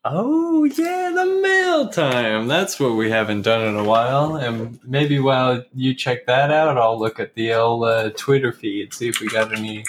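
A man's voice: medium pitch, fairly even intonation, normal speed, few pauses, a little hiss or hum. A young man co-hosting a casual podcast, laughing often between jokes. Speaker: podcast co-host. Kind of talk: casual chat.

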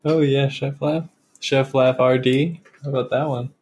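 A man's voice: medium pitch, fairly even intonation, unhurried, a little mellow, a little hiss or hum. A young man co-hosting a casual podcast, laughing often between jokes. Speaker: podcast co-host. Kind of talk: casual chat.

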